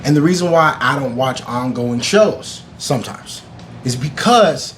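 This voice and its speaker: A man's voice: mid-range voice, animated, a little slow, a bit bright, slight background noise. A young man reviewing a series in a casual vlog, swearing and acting out his own reactions.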